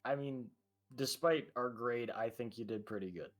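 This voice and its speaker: A man voicing an awkward, friendly teenage boy superhero who talks haltingly. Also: medium pitch, faint music behind, close to an everyday voice. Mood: earnest. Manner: halting, full of "like" and restarts. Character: awkward teen boy hero, flustered and friendly.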